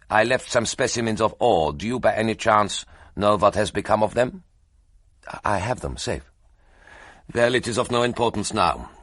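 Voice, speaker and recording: A man's voice: on the low side, a bit bright, dry recording, voice pushed up. A man voicing a large, tired and hungry German man with a strong German accent, speaking stiffly and formally. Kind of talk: audiobook character voice.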